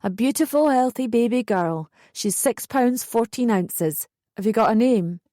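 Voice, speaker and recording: A woman's voice: fairly high pitch, animated, a little slow, warm tone, no room sound, clean studio sound. A woman voicing a cheerful midwife in an audiobook. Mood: beaming. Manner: upbeat, congratulating. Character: cheerful beaming female midwife.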